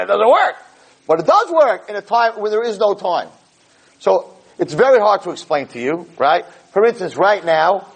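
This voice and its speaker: A man giving an evening Torah lecture to a room of listeners. His voice is husky and sits a little high, with a lively, swooping pitch. He explains through everyday stories and keeps asking the room questions. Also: rough recording. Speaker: rabbi teaching a Torah class. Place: in front of an audience.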